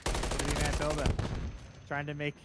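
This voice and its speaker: High voiced guy calling a shooter match, hypes up fast, game gunfire loud behind him. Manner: fast, excitable, rising in big moments. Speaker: esports caster. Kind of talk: play-by-play commentary. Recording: noisy game audio behind.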